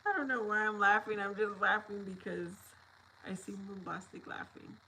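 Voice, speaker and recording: A woman's voice: medium pitch, steady tone, normal speed, sharp tone, a little hiss or hum, rough recording. A woman hosting a casual livestream, reading viewer comments aloud and greeting people by name, often breaking into laughter. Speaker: livestream host.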